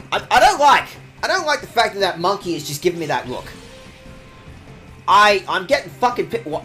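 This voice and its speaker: Animated, profane game streamer. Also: male voice, fairly high pitch. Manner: profane, mock-outraged ranting. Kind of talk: casual game stream commentary.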